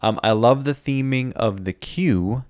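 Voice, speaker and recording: A man co-hosting a podcast in casual chat, relaxed and rambling with fillers and restarts. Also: medium pitch, unhurried, no echo, clean studio sound. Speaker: podcast co-host.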